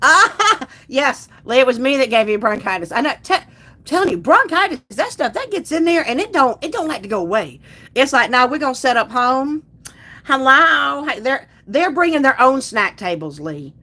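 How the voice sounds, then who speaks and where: A woman's voice: high voice, very animated, normal speed, sharp tone. A woman hosts a casual livestream, chatting loosely with viewers and reading out their comments. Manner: chatty, rambling, restarts sentences. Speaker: livestream host.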